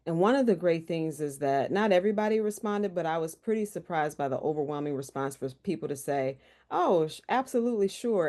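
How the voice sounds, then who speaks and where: A woman's voice: low voice, mellow. A woman researcher presenting a workshop talk over a video call and answering questions in an earnest, conversational way. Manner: earnest, conversational, some restarts.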